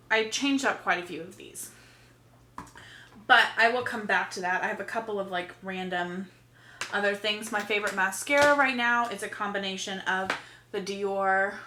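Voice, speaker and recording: A woman's voice: on the high side, pushed and bright. A young woman from Texas chatting casually to camera about her makeup, rambling and swearing freely. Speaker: beauty vlogger. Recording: echoey room.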